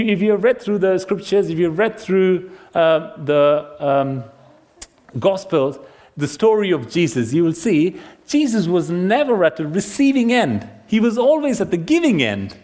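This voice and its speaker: A man preaching a sermon to a seated congregation. He asks rhetorical questions, acts out the voices in his stories and sometimes drops to a hushed tone for emphasis. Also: a little high. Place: church congregation.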